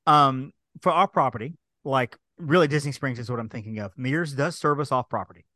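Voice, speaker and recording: Fast-talking animated man telling a story. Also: mid-range voice, dry recording, clean studio sound. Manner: animated storyteller, acts out quoted exchanges. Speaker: podcast co-host. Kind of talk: casual chat, storytelling.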